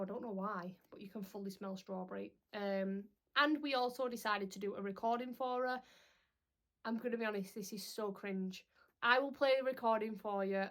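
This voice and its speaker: A young woman, chatting casually to camera as a parenting vlogger, rambling with lots of "um"s. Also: mid-range voice.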